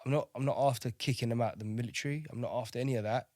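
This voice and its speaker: A man's voice: mid-range voice, steady tone, rapid-fire, darkish tone, no room sound, studio quality. A man telling his service story candidly, swearing freely and often asking "do you know what I mean". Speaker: podcast guest, navy veteran.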